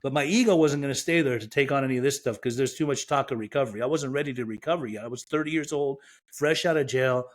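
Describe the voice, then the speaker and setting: A man's voice: medium pitch, quick pace. A man from Iran, a podcast guest, frankly and reflectively telling his own recovery story with self-mocking humor.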